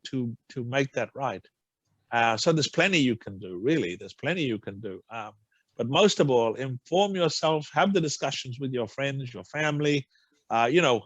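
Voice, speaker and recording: A man's voice: mid-range voice, dry recording. Male forum guest, earnest and emphatic, dry close sound. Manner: earnest, repeats phrases for emphasis. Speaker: guest speaker. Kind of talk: forum talk. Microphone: video call.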